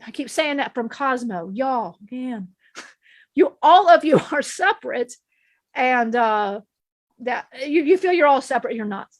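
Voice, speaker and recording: An ancient divine male being delivers a spiritual lesson, as a woman channels him in a high voice. He preaches emphatically, circling back to the same point again and again with restarts. The sound is dry and close. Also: animated, measured pace, dry recording. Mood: earnest.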